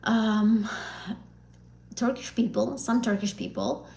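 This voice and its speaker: A woman's voice: fairly high pitch, steady tone, takes it slowly, creaky, warm tone, roomy sound, rough recording. A woman teaching an exam prep lesson on a live stream, talking casually and encouragingly with fillers and self-corrections. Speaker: IELTS teacher.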